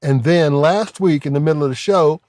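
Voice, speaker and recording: Animated man telling a tech-support story. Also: on the high side, no echo, studio quality. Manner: animated storytelling, quick laughs. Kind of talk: casual live-stream banter.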